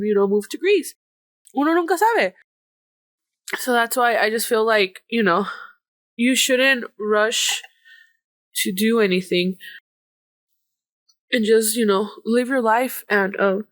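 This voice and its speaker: Woman in her late 20s, casual podcast host, emotional and giggly, fairly high voice, dry close mic. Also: no echo. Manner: emotional, laughing through tears, switching into Spanish. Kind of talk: casual solo podcast chat.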